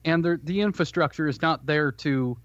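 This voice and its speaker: A man in a relaxed podcast conversation, rambling casually with plenty of fillers. His voice sits a little high. The sound is close and dry. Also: normal speed, dry recording, muffled recording. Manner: chatty, filler-heavy. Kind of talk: casual chat. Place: Illinois.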